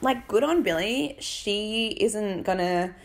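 A woman's voice: mid-range voice, animated, slow, vocal fry. A woman, casually recapping a reality show, blunt and indignant, with many fillers and restarts. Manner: chatty, blunt and indignant, with fillers and mocking quoted voices.

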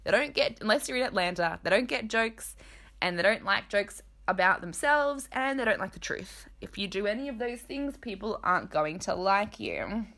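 A woman hosting a casual gossip commentary, candid and joking, with quick asides. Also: mid-range voice, animated, a bit bright. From Australia. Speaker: podcast host.

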